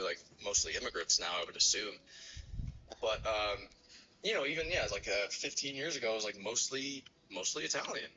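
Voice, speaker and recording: A man's voice: lowish voice, sharp tone, muffled recording, slight background noise. A man in his thirties from New York City, rambling through profane personal stories on his stream with many fillers. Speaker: streamer host. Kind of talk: casual storytelling on a stream.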